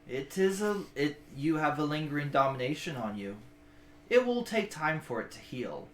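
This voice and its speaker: Ancient male shade, eerie hush, bright edge, echoey room, played by a man. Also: on the high side, sing-song, normal speed, slight background noise. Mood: solemn.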